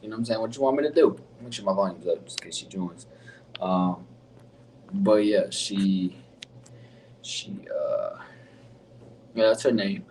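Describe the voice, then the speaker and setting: A man's voice: low voice, lively intonation, a little slow, long pauses, a little mellow, distant mic, a little hiss or hum, low-quality recording. A young man hosting his podcast, rambling casually in slangy talk with lots of fillers. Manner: laid-back, rambling, slangy with frequent fillers. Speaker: podcast host. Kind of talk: casual solo podcast intro.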